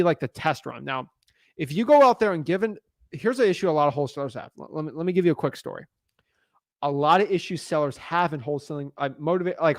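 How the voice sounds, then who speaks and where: A man's voice: a little high, no echo, clean studio sound. A young adult man coaching on real estate wholesaling in a live video, speaking with a confident, emphatic manner. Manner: confident, emphatic, pushy delivery.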